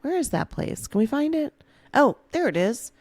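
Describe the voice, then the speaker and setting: A woman's voice: high voice, very animated, moderate pace, a little mellow, no room sound. A woman hosting a motivational podcast, coaching the listener in a playful, hyped way and calling them baby. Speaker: manifestation coach and podcast host.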